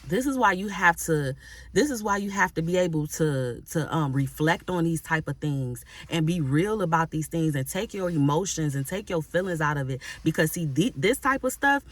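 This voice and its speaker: A woman's voice: sits low, animated, normal speed. A woman who works as a Christian life coach, giving an emphatic motivational message straight to her audience, repeating phrases and often asking "right?". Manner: addresses audience directly and casually. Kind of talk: motivational preaching to camera.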